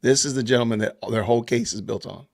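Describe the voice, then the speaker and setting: A man hosting a casual live stream, animated and laughing often as he reads viewer comments aloud. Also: mid-range voice, quick pace, gravelly. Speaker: podcast host reading live chat.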